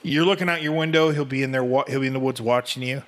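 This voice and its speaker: A man's voice: medium pitch, fast, fairly bright tone. A man co-hosting a casual podcast, talking bluntly with slang like "dude". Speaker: podcast co-host.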